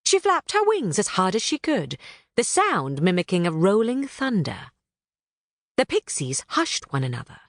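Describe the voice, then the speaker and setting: Animated woman narrating a children's book. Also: medium pitch, a little slow, no echo, clean studio sound. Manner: animated, storytelling. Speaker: audiobook narrator.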